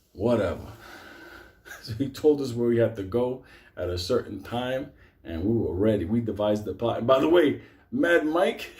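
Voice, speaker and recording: A man's voice: medium pitch, darkish tone. A man telling a story to a live audience, swearing constantly and laughing as he goes.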